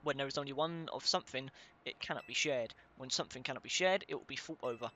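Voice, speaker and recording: A young man plays through a video game, reading its text aloud with a bright, forceful edge. His talk is casual and he stumbles over tricky names. Faint background noise sits under his voice. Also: mid-range voice, fast talker. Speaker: let's play gamer.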